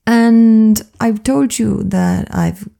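Woman coach, very gravelly fry, soft and confiding, personal reflection. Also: a little high, drawn-out words. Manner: soft-spoken, earnest and confiding. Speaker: flow coach.

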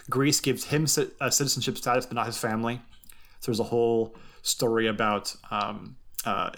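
A man's voice: fairly low pitch, a bit bright. A man hosting a casual podcast chat, telling a long story in a rambling way with lots of ums and frequent laughs. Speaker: podcast host.

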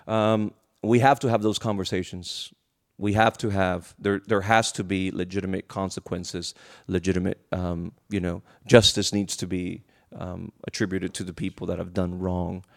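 A male preacher telling a story in a sermon, animated and emotional, often restarting his words. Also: low-pitched, moderate pace, gravelly.

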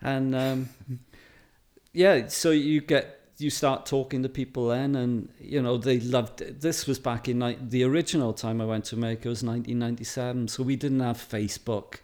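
A chatty photographer from Wales, a guest in a casual interview, tells anecdotes, laughs often and leans on lots of fillers. His medium-pitched voice is steady and somewhat dark, at a moderate pace.

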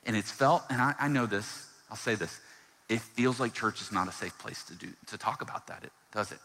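Earnest low-voiced man preaching in a hall. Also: a little fast. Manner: earnest, swings from hushed to loud and emphatic. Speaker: pastor. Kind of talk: sermon. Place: church hall.

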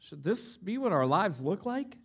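A man's voice: sits high, big pitch swings, moderate pace, gravelly, slightly rough. A man preaching a sermon, stressing points with rhetorical questions and repeated lines. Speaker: pastor.

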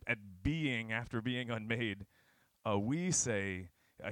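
A young man giving an informal, earnest sermon that retells scripture. He swings between sudden shouted bursts and low, quiet passages. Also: a little slow, no echo.

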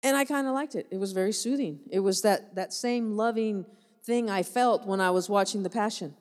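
Speaking to a church audience, a woman missionary shares her personal testimony with animation, laughter and repeated phrases for emphasis. Her medium-pitched voice is fairly quick and a little mellow, and the hall adds echoey reverb.

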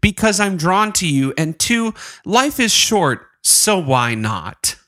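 Animated, bright-voiced podcast co-host. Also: male voice, high voice, takes it slowly, dry recording, clean studio sound. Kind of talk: casual comedic chat.

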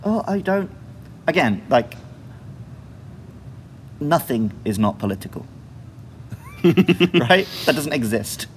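A man's voice: fairly high pitch, sing-song, slow, pauses often, a little hiss or hum. A man co-hosting a casual film podcast, making dry, wry quips. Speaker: podcast co-host.

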